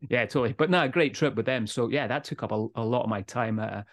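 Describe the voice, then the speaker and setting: A Scottish man hosts a casual whisky podcast with loads of energy. He jumps in loud and upbeat, laughs easily and drops the odd swear word. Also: medium pitch, fast talker. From Scotland. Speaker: podcast host. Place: Speyside, Scotland.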